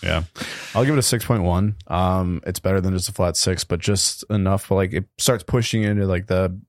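Deep gravelly man in casual banter. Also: moderate pace, no room sound, studio quality. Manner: crude joking, slips into put-on narrator voices. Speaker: podcast co-host. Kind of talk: casual chat.

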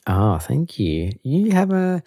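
A man co-hosting a podcast, asking questions in a relaxed, casual way. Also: fairly high pitch, slow pace, no room sound, studio quality. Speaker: podcast co-host.

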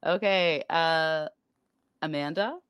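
A woman introducing herself as a tabletop game player, hesitant with many pauses. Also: sits low, a bit bright, clean tone, no room sound, studio quality. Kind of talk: casual chat.

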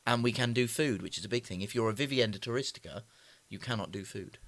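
A man co-hosting a casual podcast, explaining things clearly and teasing his co-host. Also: lowish voice, quick pace, fairly bright tone. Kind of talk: casual chat.

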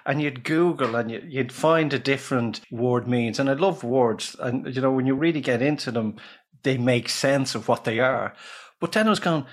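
A man's voice: medium pitch, normal speed. A middle-aged man with an Irish accent hosting a radio interview in a chatty, rambling, jokey manner. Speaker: radio host. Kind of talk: casual radio interview chat.

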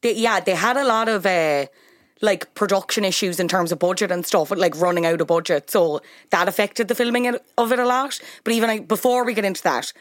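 A woman's voice: mid-range voice, fairly quick, no echo, studio quality. A woman hosting a podcast, asking curious questions and reacting in a casual chat. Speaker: podcast host.

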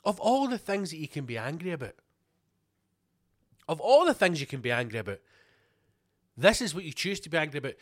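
A Scottish podcast host rants angrily in a brisk, sing-song, fairly high voice, swearing heavily and firing off rhetorical question after rhetorical question. He leaves long pauses, and the recording is dry with studio quality.

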